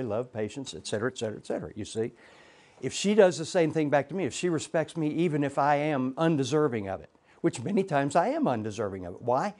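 Man, middle-aged, fairly high voice, teaches Bible class with emphatic repeats and rhetorical questions. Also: darkish tone.

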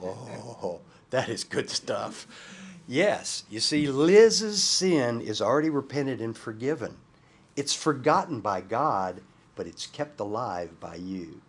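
Guy teaching a counseling class, husky voice, folksy, keeps asking do you see it. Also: medium pitch, lively intonation, takes it slowly. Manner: folksy, repeats points, asks the class questions. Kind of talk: teaching a class, reading a case study.

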